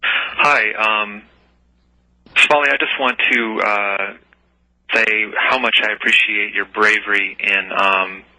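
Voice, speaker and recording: Hesitant male caller, bright tone. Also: lowish voice, fairly even intonation, poor audio. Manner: hesitant, with many pauses.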